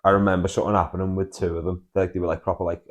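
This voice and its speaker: A man's voice: sits low, level tone, very fast. A young man, co-hosting a podcast in casual chat, making brief, laid-back remarks. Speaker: podcast co-host.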